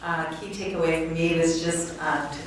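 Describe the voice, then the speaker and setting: A woman on a panel reflects on the talk, thinking aloud. Her delivery stays even, with little rise and fall. She sounds far from the mic in a heavily echoing room. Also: deep voice, normal speed. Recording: echoey room from far off, faint noise.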